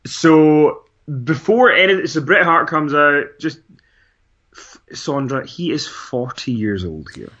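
A man's voice: on the high side, expressive, takes it slowly, bright, forceful tone. A man co-hosting a podcast, chatting casually and rambling with frequent laughs and restarts. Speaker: podcast co-host. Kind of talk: casual chat recapping wrestling. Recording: dull lo-fi sound.

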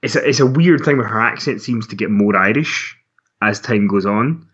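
A husky, fairly low-voiced man, chatting loosely on a podcast. He rambles and pokes fun at himself, laughing often. The recording sounds dull and lo-fi. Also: normal speed, a bit bright. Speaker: wrestling podcast co-host. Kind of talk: casual chat.

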